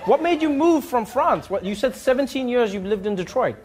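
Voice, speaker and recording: A man doing stand-up crowd work, animated and laughing, before a live audience. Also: very high voice, fairly quick, slight background noise. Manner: animated, laughing, mock French voices.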